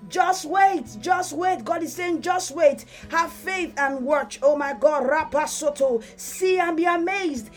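A woman with a high voice leads fervent prophetic prayer on her podcast. She repeats her declarations and breaks into speaking in tongues. Soft music plays faintly beneath her voice. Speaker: podcast host and preacher.

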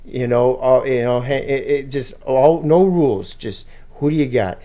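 A man's voice: mid-range voice, moderate pace, warm tone. A man hosting a casual sports podcast, telling loose joking stories and running the segments. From Canada. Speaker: podcast host.

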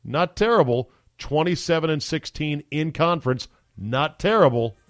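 A man's voice: a little high, animated, moderate pace, no echo. A man hosting a podcast, talking casually and enthusiastically into a studio mic. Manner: chatty, enthusiastic, emphatic. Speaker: podcast host. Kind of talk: casual chat.

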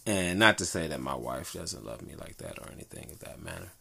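A man's voice: deep voice, lively intonation, a little fast, creaky, sharp tone, husky. A man talking in a rambling, laid-back and profane way in a casual solo monologue, speaking as a father into a good microphone.

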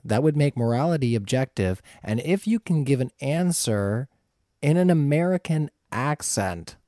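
Mellow, relaxed male debate moderator. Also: medium pitch, moderate pace, no room sound, clean studio sound. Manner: relaxed, laughs easily. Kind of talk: casual moderating and reading audience questions.

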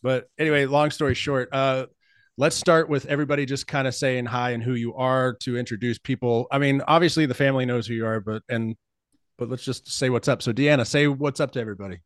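Relaxed man in his forties hosting. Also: mid-range voice, no echo, clean studio sound. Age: 40s. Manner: relaxed, rambling, quick to laugh. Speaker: podcast host. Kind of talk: casual chat.

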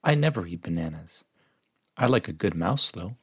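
A man's voice: low-pitched, expressive, normal speed, husky, heavily acted. A man voicing a hungry female orangutan in a storybook, raising his voice as she pleads and grows cranky.

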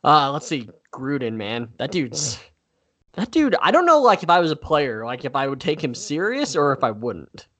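A man's voice: mid-range voice, animated, moderate pace, hardly any pauses, fairly bright tone. A man co-hosting a football podcast, talking in a laid-back, blunt way and swearing casually. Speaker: podcast co-host. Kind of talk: casual chat about football.

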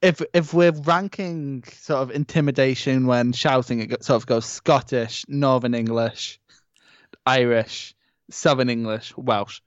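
A man's voice: medium pitch, steady tone, a little slow, no room sound, highs cut off. A man co-hosting a wrestling review podcast, teasing with dry humour in casual chat. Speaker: podcast co-host.

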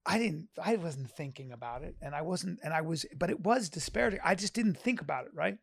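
A man, a stand-up comedian and podcaster, talking in casual chat with rambling, halting restarts and earnest swearing. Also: fairly high pitch, lively intonation, vocal fry, husky, no room sound.

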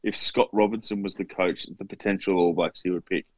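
A man's voice: sits low, fairly even intonation, a little fast, no echo. An Australian man co-hosting a podcast, bantering bluntly with swearing and trailing ums. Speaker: podcast co-host. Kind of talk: casual chat.

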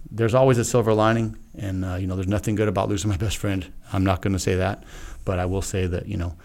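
A man's voice: low voice, level tone, brisk, darkish tone. A middle-aged man, a retired Navy SEAL guest on a podcast, telling a personal story in a frank, earnest, casual way and acting out his own past remarks.

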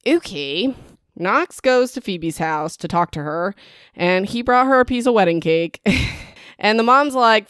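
Woman book reviewer, mid pitch, smooth and crisp, dry close sound; sarcastic, gossipy recap with playful cliffhanger asides. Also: expressive, measured pace, fairly bright tone, dry recording. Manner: chatty and sarcastic, peppered with "like" and "whatever"; dramatic teasing asides to the audience. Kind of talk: casual chapter-by-chapter book recap.

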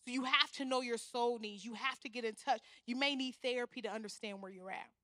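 A young woman preaching a sermon, animated, often acting out the voices she quotes. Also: on the high side, fairly quick, dry recording, clean studio sound. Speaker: guest speaker.

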